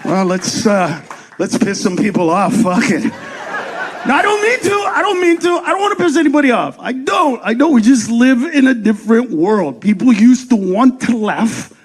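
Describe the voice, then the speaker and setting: A man doing a profane stand-up comedy set, ranting fast, shouting punchlines and acting out voices. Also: high voice, animated, breathy edge.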